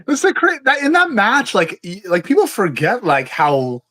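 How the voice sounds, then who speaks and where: A man's voice: sits high, wildly swooping pitch, moderate pace, bright, forceful tone, no room sound. A young man co-hosting a podcast in casual chat, blunt and swearing freely. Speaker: podcast co-host.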